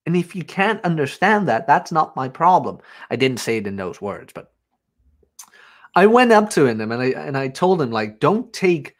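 A man's voice: a little high, sing-song, moderate pace. A man hosting a podcast in casual chat, blunt and swearing freely as he tells stories and acts out what others said. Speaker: podcast host.

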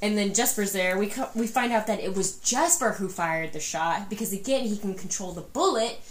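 A woman's voice: mid-range voice, normal speed, roomy sound. A woman co-hosting a casual book podcast, retelling a novel's plot at length with many ums and restarts. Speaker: podcast co-host.

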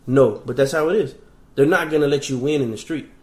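A man's voice: medium pitch, brisk, a little mellow, roomy sound. A man talking in a casual chat, blunt and opinionated, swearing freely.

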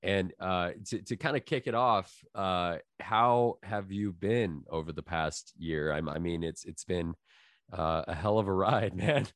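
Deep-voiced man hosting a casual podcast. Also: measured pace, no echo, studio quality. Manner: rambling, many fillers and restarts, laughs easily. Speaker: podcast host.

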